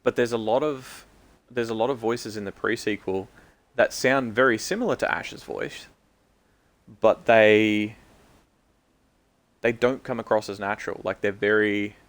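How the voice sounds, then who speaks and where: A man's voice: lowish voice, fairly even intonation, a bit bright. Rambling Australian man streaming. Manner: rambling, halting, many ums and restarts. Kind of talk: casual live-stream chat while gaming.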